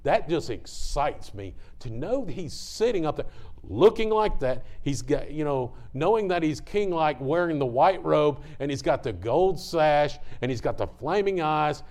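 A middle-aged man with a drawl preaches with fervor, his voice sitting a little high for a man. He talks in a folksy way and keeps breaking off to say sorry for his own tangents. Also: animated, moderate pace, darkish tone. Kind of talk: sermon.

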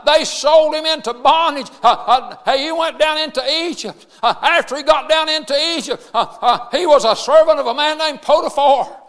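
Male pastor, high voice, shouts the sermon, halting "uh" delivery, echoing church. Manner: shouted emphatic preaching, frequent "uh" fillers. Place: church sanctuary. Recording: long reverb of a church hall.

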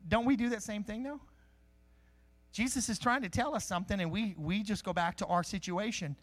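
A man preaching a sermon in a conversational, animated way, teaching from scripture with jokes and asides. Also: high-pitched, fairly quick. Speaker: pastor. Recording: live-streamed sermon.

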